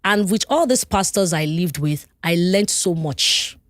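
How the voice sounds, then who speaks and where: A woman with a Nigerian accent, a podcast guest telling her life story in an animated, vivid way with bursts of laughter. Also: lowish voice, unhurried, no echo, clean studio sound. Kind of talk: personal storytelling in a podcast interview.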